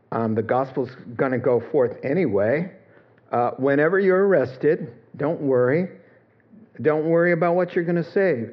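A man's voice: medium pitch, dull audio. A man preaching a sermon in a conversational, storytelling way, quoting voices and chuckling as he goes. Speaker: pastor.

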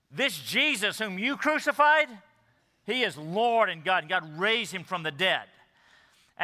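A pastor delivers a sermon from the pulpit in a high, bright, almost piercing voice, leaning on words with deliberate pauses. His sound rings out through a reverberant church sanctuary.

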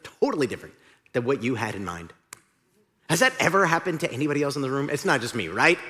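Animated male pastor in a reverberant hall. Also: mid-range voice. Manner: storytelling, conversational, animated. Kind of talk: sermon. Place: church sanctuary. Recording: long reverb of a large hall.

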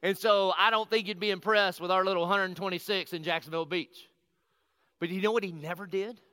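A middle-aged man, a pastor, telling a personal story in a lively conversational sermon and acting out the quotes. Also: high-pitched, a little fast, clear, resonant tone, dry recording. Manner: animated, conversational, acts out quotes.

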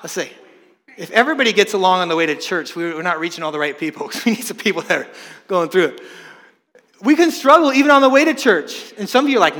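A man preaching a sermon as pastor to his congregation in church, animated and joking with the people in the room. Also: sits high, fast talker. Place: church hall. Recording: long reverb of a church hall.

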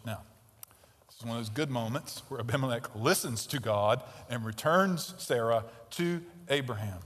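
A man's voice: mid-range voice, moderate pace, a bit bright, long reverb tail. A man in his fifties, a pastor preaching an expository sermon, emphatic and repeating key phrases for stress.

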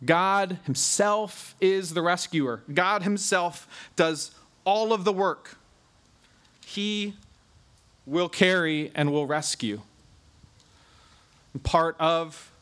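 A man with a fairly high voice preaches through a passage of scripture. He leans hard on key words and stretches them out for emphasis. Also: a bit bright, clean tone. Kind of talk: expository sermon.

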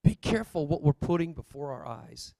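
High-pitched guy preaching, dry close sound, goes from fired-up shouting to soft asides. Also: expressive, fairly quick, no echo. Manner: swings between loud exhortation and quiet asides. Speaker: pastor. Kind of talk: sermon.

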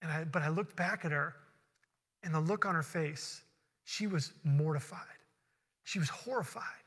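A man preaching a sermon as a pastor, telling a personal story with earnest energy that builds into quick excited bursts before settling into prayer. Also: on the high side, breathy edge, long reverb tail. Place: church sanctuary.

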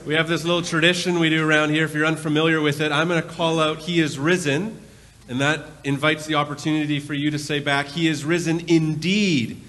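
Man, pastor, casual storytelling sermon, somewhat high voice, long church reverb. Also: little pitch movement, fast, few pauses, bright, forceful tone. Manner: conversational storytelling preacher. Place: large church with balcony.

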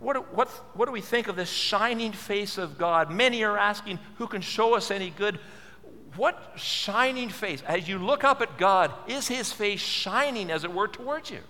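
A man's voice: sits high, animated, normal speed, hardly any pauses, sharp tone, big-room sound. A male pastor preaching a sermon, earnest and full of questions, repeating words for stress. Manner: earnest, asks many questions.

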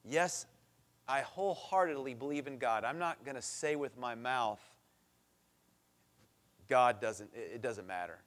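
A man's voice: mid-range voice, a little slow, long pauses, a bit bright. A middle-aged man preaching a sermon as pastor, earnest and building to impassioned pleas.

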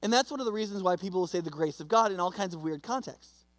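A man's voice: high voice, lively intonation, fast talker, big-room sound. A man preaching a sermon as pastor, conversational and storytelling, often checking in with his listeners.

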